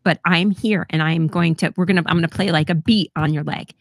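A woman's voice: on the low side, steady tone, a little fast, creaky, no room sound, clean studio sound. A middle-aged woman telling a personal story on a podcast in a candid, casual way, swearing freely and laughing often. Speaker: podcast co-host.

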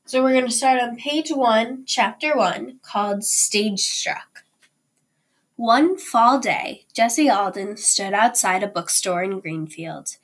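Brief: woman teacher, read-aloud of a children's chapter book, deliberate pace. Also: a little high, expressive.

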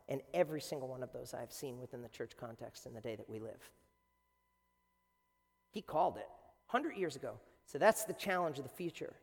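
A man preaching a sermon as a pastor, animated and swinging between quiet and loud. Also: mid-range voice, fairly quick. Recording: long hall reverb.

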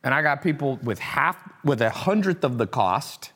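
Animated man telling stories. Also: medium pitch, moderate pace. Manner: animated storyteller, mimics voices. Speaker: guest. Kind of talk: casual podcast conversation.

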